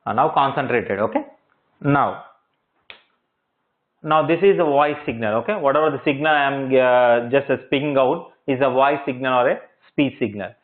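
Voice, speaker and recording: A man's voice: medium pitch, normal speed. A male lecturer teaching in a classroom, repeating points and checking understanding with rhetorical questions. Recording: tinny phone-like audio.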